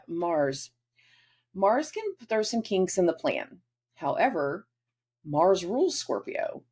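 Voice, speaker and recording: A woman's voice: lowish voice, mellow, breathy edge. A woman hosting a casual astrology forecast, chatty and acting out quoted dialogue in different voices.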